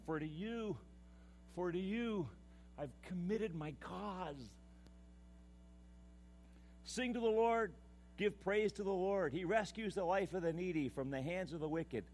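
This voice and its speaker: Male pastor, sermon delivery, impassioned and intimate by turns, with a lively, animated voice. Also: sits high. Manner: impassioned, swings from loud declaiming to hushed confiding.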